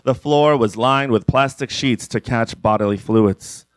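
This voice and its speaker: A man narrating a comic parody story in a deadpan way. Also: mid-range voice, unhurried, no echo. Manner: deadpan, breaks into laughter.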